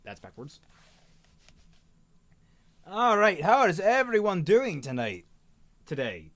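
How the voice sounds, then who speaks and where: Animated man hosting a read-along. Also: mid-range voice, moderate pace, long pauses. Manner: chatty, rambling asides with small stumbles. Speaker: host reading a novel aloud. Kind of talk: casual chat and read-aloud.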